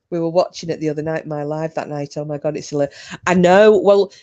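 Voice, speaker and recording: Laughing woman with a dark voice. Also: low voice, lo-fi sound. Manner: chatty and laughing, bawdy banter. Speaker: livestream host. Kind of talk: casual chat with live chat viewers. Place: at home.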